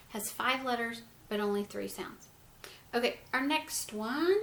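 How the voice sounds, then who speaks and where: A woman teaching a phonics lesson to young children, sounding out words letter by letter and gently encouraging them. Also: medium pitch, slight background noise. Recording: echoey room with faint ambience.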